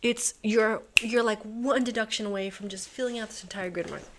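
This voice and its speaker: A woman with a voice a bit higher than most talks to herself through a long puzzle solve. She mutters, curses and laughs at her own mistakes as she works. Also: fairly even intonation, fairly quick, background noise. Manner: muttering self-talk, swearing and laughing at herself. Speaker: puzzle channel host. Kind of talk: talking to herself while solving a puzzle.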